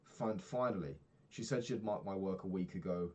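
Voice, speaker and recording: Young British man, deep low voice, rambling vlogger who swears and loses track. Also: a little fast, background noise. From United Kingdom. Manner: rambling, swears often, loses his thread. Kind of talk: casual diary vlog.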